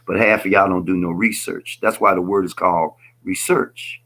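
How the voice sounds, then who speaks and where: A man's voice: sits low, steady tone, moderate pace, fairly bright tone. A man speaking as a guest on a casual political call-in show, emphatic and rambling, lecturing his listeners.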